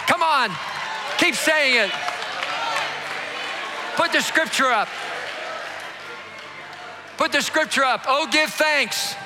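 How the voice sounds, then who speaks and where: A man's voice: very high-pitched, slow, pauses often, a crowd in the background, noisy background. A man preaching as pastor, rousing his congregation and leading them in call-and-response. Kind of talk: sermon. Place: large church hall.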